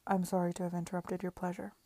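A woman reading the part of an anxious, fretful gentleman in an audiobook, worried and pleading. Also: lowish voice, completely flat delivery, quick pace, no echo, close to an everyday voice.

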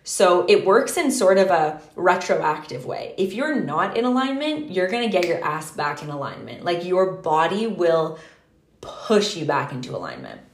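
Animated woman, lower voice, echoey room. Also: moderate pace. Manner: animated, fillers with "like", swears freely. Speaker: podcast co-host. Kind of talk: casual chat.

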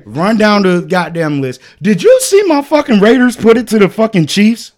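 A man co-hosting a podcast, telling stories loudly with lots of swearing and laughter. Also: high voice, animated, normal speed. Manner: loud, profane storytelling with laughter. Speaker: podcast co-host. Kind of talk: casual chat.

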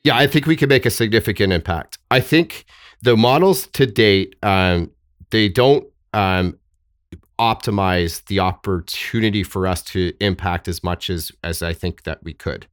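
A man speaking as a podcast guest, thoughtful and halting with frequent restarts and fillers. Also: sits low, clean tone, no echo, clean studio sound. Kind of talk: podcast interview.

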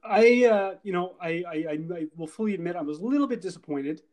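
A middle-aged man co-hosting a casual movie review podcast, animated, talking in quick bursts full of fillers and asides. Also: sits high. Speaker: podcast co-host.

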